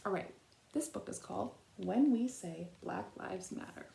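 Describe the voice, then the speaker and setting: A woman leading a school assembly as a trainee principal, speaking slowly and clearly to children and reading a picture book aloud. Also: mid-range voice, expressive, warm tone, echoey room. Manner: slow, clear teacher talk with call-and-response prompts. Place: elementary school.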